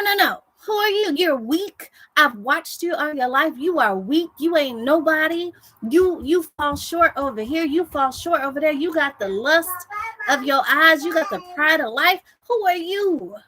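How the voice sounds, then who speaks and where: A high, sharp-edged, sneering male spirit of the enemy, as a woman preacher puts him on. He mocks and belittles, firing off scornful questions one after another. His taunting voice climbs high and tight. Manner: sneering rapid-fire questions.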